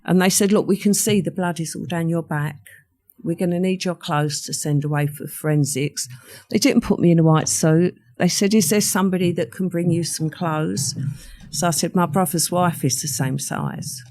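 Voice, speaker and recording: Her voice lowish and darkish at a normal speed, an older woman on a podcast shares a personal story conversationally. She brings it to life by acting out what other people said.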